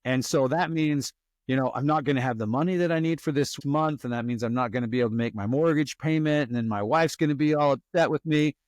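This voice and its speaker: Animated male podcast guest, dry close sound. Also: medium pitch, quick pace, no echo. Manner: animated storyteller who acts out worried inner monologues. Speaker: guest, resilience expert and author. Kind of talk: conversational podcast interview.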